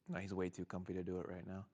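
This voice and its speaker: A man's voice: low-pitched, a little mellow. A man streaming live, chatting casually and rambling, sometimes cooing at his pet in a raised voice. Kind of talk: casual livestream chat.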